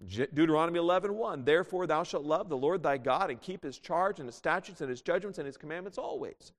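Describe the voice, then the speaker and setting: A man's voice: fairly high pitch, fast talker. A man preaching a sermon, teaching from scripture and acting out the voices of the people he quotes. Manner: animated, acts out quoted voices. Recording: long reverb of a hall.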